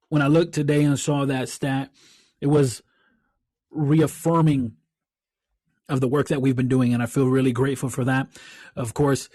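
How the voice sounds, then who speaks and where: A man's voice: mid-range voice, little pitch movement, normal speed, long pauses, a little mellow, no room sound, studio quality. A man hosting his own coaching podcast, talking in an earnest, heartfelt way and often repeating words as he thinks. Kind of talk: reflective solo podcast talk.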